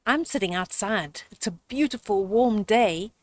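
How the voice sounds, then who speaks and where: Slow, expressive older woman reading a story. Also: mid-range voice. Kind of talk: children's story read-aloud. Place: outdoors.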